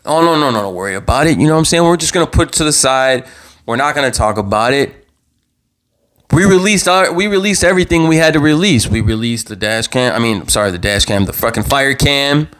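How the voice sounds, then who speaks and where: A young man hosting his own live show, giving impassioned commentary in a heated, worked-up voice, repeating himself and stumbling over restarts as he gets louder. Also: mid-range voice, lively intonation, brisk. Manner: heated, repetitive, stammering restarts, rising to near-yelling. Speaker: vlog host.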